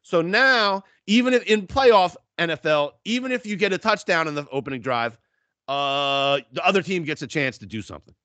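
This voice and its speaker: Sports podcast guy, kinda high bright voice, cussing a lot, loose banter. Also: moderate pace, no echo. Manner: profane, animated storytelling. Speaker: podcast co-host. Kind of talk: casual sports chat.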